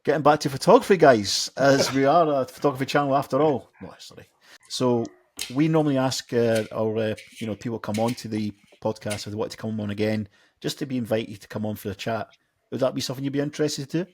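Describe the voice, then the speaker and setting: A man's voice: mid-range voice, quick pace, slight background noise. A man hosting a podcast, chatting casually in a rambling way with lots of restarts. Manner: rambling, restarts often, laughs easily. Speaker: podcast host. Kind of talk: casual chat.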